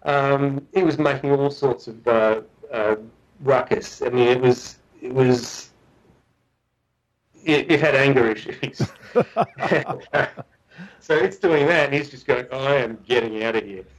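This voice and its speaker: A man, a guest researcher, telling a story in a chatty, animated way with frequent restarts. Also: medium pitch, slow, long pauses, lo-fi sound. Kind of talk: casual storytelling.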